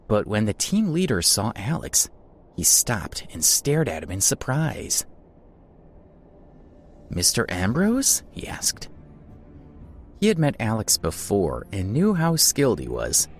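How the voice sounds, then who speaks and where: A man narrating a scripted story in a dramatic, expressive reading. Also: lowish voice, a little hiss or hum.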